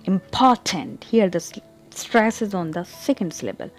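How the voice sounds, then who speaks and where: In a slow, deliberate English pronunciation lesson, a woman repeats example words and checks in with "okay?" Her voice is fairly low and a little mellow, with faint music in the background.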